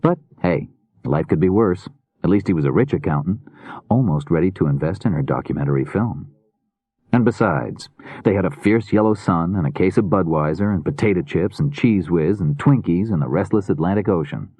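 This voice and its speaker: A man reading a mystery novel aloud in a measured, steady narration. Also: low voice, husky, dry recording. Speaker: audiobook narrator. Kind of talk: scripted narration.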